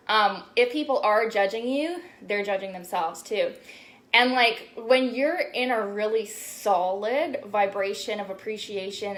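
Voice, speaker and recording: A woman's voice: mid-range voice, fairly bright tone, a little hiss or hum. A young woman spiritual coach talking casually on a live stream, chatty and full of "like"s and swearing. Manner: chatty, swears often, many "like"s.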